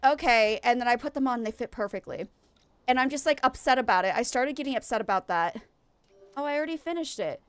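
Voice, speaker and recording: Woman, young adult, bright high voice, dry recording, casual rambling stream talk. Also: clean tone, dry recording. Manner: rambling, venting, talks to chat while playing. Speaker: game streamer. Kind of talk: casual chat while gaming.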